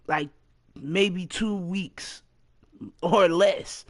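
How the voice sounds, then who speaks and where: A woman in her late thirties in a casual to-camera vlog rant, blunt and profane, with sudden loud outbursts. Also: low-pitched, expressive, slow pace, gravelly, dry recording. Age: 30s. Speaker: vlogger.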